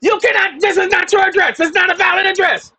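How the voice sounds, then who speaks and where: A man voicing an irate female postal clerk who yells and snaps at a customer. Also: fast talker, exaggerated voice. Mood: yelling. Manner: shrill, yelling, snappish.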